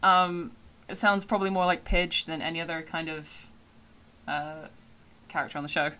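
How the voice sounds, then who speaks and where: A woman with a Somerset accent chats casually on a stream, rambling along with plenty of fillers and laughs. Her voice is bright and clear, pitched a little low. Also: fairly even intonation, normal speed, slight background noise. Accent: Somerset English. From England. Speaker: streamer and voice actor. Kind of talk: casual live-stream chat.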